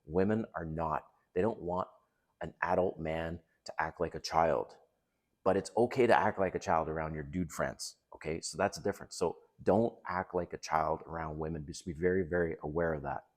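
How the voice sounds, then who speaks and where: A man's voice: a bass voice, normal speed. A middle-aged man talking straight to other men, giving blunt, emphatic dating advice in a casual monologue.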